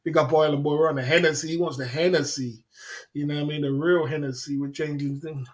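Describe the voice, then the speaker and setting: A man with a slightly higher voice hosting a relaxed livestream hangout. His talk is loose and slangy, and he circles back to the same phrases and laughs between lines. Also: fairly quick. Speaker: livestream host. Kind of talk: casual livestream chat.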